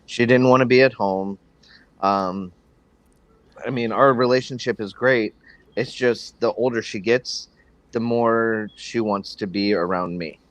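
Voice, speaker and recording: A man's voice: on the low side, unhurried, dry recording. A man talking casually as a podcast guest, in a laid-back way with many ums and restarts.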